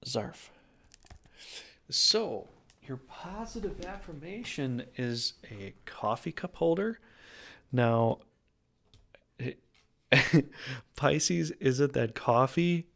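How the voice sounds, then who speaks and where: Slow, gravelly man reading tarot. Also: medium pitch, expressive. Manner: rambling, jokey, with wordplay and self-corrections. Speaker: tarot reader.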